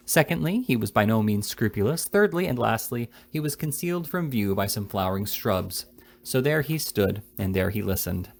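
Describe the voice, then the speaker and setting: A man's voice: on the low side, expressive, normal speed, creaky. A man casually reading a classic novel aloud, with frequent small slips and restarts. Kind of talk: casual read-aloud narration.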